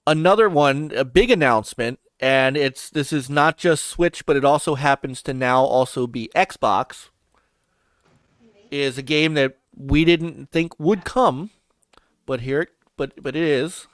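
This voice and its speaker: A slightly high-voiced man hosting a gaming podcast, chatting loosely and circling back on his words. His voice sits close and dry, with no room sound around it. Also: unhurried, no room sound. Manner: chatty, restarts and laughs while talking. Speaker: podcast host. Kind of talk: casual chat.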